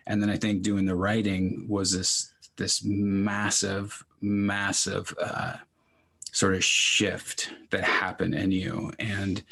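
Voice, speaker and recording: A man's voice: deep voice, gravelly, a bit bright, slightly rough. A man hosting a podcast interview, supportive and rambling, with lots of fillers. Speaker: podcast host. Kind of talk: casual interview chat.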